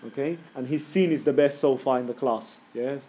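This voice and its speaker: A man with a mid-range voice teaches a tajweed class casually and with jokes. He demonstrates sounds by stretching them out slowly and loudly.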